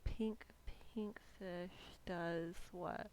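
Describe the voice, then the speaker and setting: A woman's voice: fairly low pitch, steady tone, very slow, background noise. A woman playing a tabletop game, confused at times, swearing and muttering her dice math. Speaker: player. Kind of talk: casual tabletop play.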